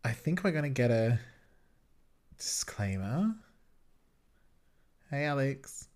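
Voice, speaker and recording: A man's voice: mid-range voice, slow. Chatty man laughing through commentary. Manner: chatty, animated, laughs often. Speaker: podcast host. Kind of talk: casual TV episode commentary.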